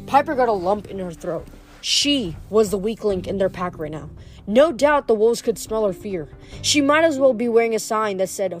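A woman reads a novel aloud at an even, mid-height pitch. She keeps a steady pace and trips over a word now and then. Faint music plays behind her. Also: normal speed. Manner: steady reading with small stumbles. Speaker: reader.

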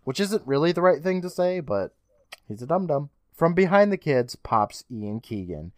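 A man's voice: on the high side, big pitch swings, moderate pace, a little mellow, no room sound. Dry-sounding man recapping with profane wit. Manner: profane, wry storytelling. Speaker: podcast co-host. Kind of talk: casual episode recap.

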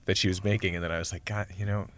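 A young man with a very deep voice chats casually on a podcast. He rambles along and laughs easily, with relaxed everyday phrasing. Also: rapid-fire, no echo. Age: young adult. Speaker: podcast co-host. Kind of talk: casual chat.

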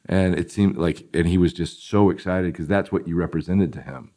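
Deep-voiced male podcast host. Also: normal speed, warm tone. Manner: encouraging, frequent brief affirmations. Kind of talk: interviewing, casual chat. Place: studio.

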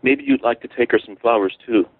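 A man's voice: mid-range voice, brisk, pitched above the performer's own voice, lightly acted. A man voicing a smirking teenage boy who teases his friend, read aloud from a memoir. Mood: mocking. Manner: mocking, smirking. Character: teasing teenage boy accomplice. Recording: tinny phone-line radio audio.

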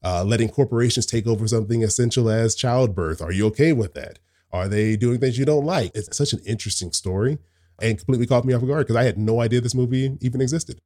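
A man's voice: medium pitch, fast, mellow. A man co-hosting a casual chat about movies, laughing often as he talks. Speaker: co-host.

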